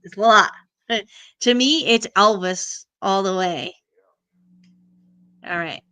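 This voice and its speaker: A woman's voice: medium pitch, slow pace, bright, forceful tone, smooth. A middle-aged woman hosting a casual live stream, chatting and answering viewers' comments.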